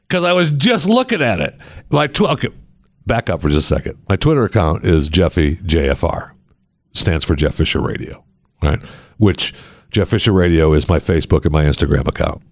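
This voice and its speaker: A man's voice: fairly low pitch, vocal fry, no echo, studio quality. A man hosting a talk podcast, rambling and sarcastic as he banters with his co-host. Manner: sarcastic, rambling, mock-pleading. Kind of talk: casual talk show banter.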